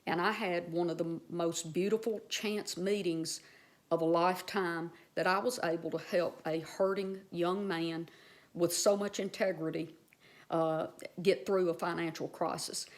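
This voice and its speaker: A woman's voice: fairly low pitch, steady tone, measured pace. A woman vlogger earnestly telling a personal story to her viewers, with many fillers and restarts.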